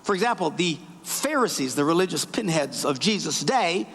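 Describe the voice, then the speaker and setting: A male pastor delivers an animated sermon, his pitch rising and falling. His voice is fairly high with a gravelly edge. The church hall adds a long reverb. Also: normal speed. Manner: animated storytelling, acts out voices.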